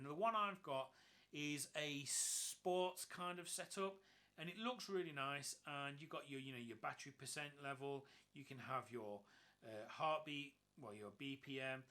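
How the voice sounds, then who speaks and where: A man's voice: fairly high pitch, sharp tone. A man giving an enthusiastic, upbeat walkthrough review of a gadget. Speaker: tech reviewer.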